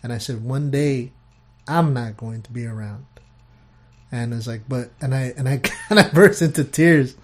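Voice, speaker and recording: A man's voice: medium pitch, moderate pace. Casual swearing man telling stories. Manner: loose storytelling with swearing. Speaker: podcast co-host. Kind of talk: casual chat.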